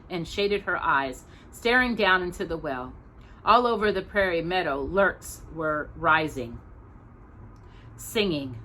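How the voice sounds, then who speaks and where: A woman hosting a storytime, reading a children's novel aloud in a gentle, expressive way. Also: on the low side, slight background noise. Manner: gentle and expressive, pausing for coughs. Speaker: storytime host.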